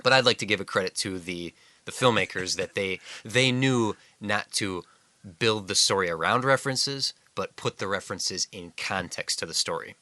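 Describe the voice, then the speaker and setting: Man, low voice, bright and forceful, measured analytical podcast co-host, dry close sound. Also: no room sound. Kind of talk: casual film discussion.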